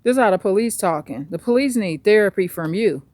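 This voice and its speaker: A woman's voice: mid-range voice, expressive, brisk, darkish tone, no echo. A woman vlogging on a walk outdoors, ranting bluntly with plenty of cursing. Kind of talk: casual vlog monologue.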